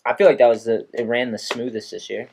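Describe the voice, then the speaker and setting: A man's voice: mid-range voice, little pitch movement, fast, vocal fry, a little mellow, a little hiss or hum. A young adult man hosting a podcast, chatting casually and telling stories with animation and plenty of swearing. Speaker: podcast host. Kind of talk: casual chat.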